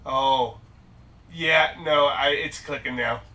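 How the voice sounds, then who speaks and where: Bright upbeat man hosting a card break. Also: mid-range voice, fairly even intonation, slow, far from the mic. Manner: upbeat, jokey, rattles off card names. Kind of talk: live-stream card break commentary.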